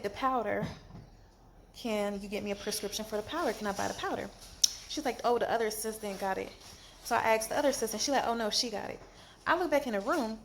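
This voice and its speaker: Lady vlogging from a hospital bed, sore n fed up, faint hiss behind her. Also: mid-range voice. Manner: animated, exasperated storytelling with slang. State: in pain after surgery. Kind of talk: casual storytime vlog.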